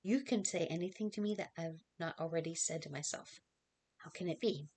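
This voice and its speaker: A woman reading aloud as a frightened young girl, halting and pleading, in a dramatic reading of a novel. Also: lowish voice, dark tone, breathy edge. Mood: anxious.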